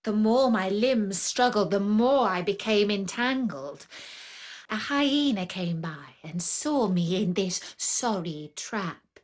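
A woman's voice: medium pitch, lively intonation, slow. A woman playing a proud lion queen. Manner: haughty, stately storytelling. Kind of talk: storybook narration in character.

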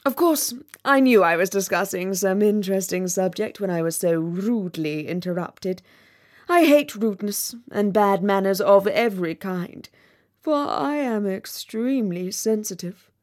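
A vain, self-important firework rocket, read aloud by a woman speaks in a slow, unhurried, theatrical storybook manner. Every word drips with conceit and injured pride. The pitch sits in a plain middle range. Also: lively intonation, close to an everyday voice. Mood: pompous. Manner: haughty, self-important, dramatic. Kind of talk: storybook reading.

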